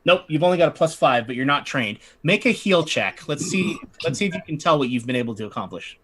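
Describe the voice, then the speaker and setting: A man narrating a tabletop game as game master, relaxed and chatty with frequent fillers. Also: a little high, fast, husky.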